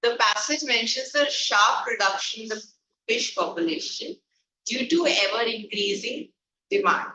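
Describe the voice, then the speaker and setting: A woman's voice: fairly high pitch, lively intonation, a little slow, pushed and bright. A woman with an Indian English accent teaching an online class, quizzing students and slipping into Hindi phrases. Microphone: video call. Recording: echoey, distant, noisy call audio.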